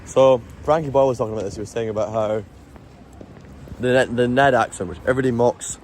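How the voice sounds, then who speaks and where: A man's voice: mid-range voice, steady tone, quick pace, a little hiss or hum. A man talking casually to camera as a travel vlogger on a city street at night, rambling and explaining with lots of restarts.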